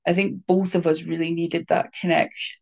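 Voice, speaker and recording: Crying as they speak, someone tells a personal story candidly and hesitantly, full of pauses, fillers and restarts, soft and emotional. The voice is mid-range, level in tone, and gravelly.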